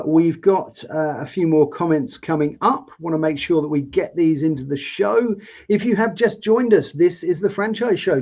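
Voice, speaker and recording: A man with a mellow, somewhat high voice hosts a live interview show over a video call, posing long, rambling questions in a chatty manner. The audio is dull and lo-fi.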